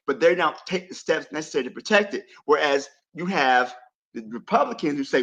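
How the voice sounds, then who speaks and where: A man on a panel show making an animated argument, pressing his points with rising emphasis. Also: a little high, a little fast, rough recording. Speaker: panel guest. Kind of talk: heated panel debate.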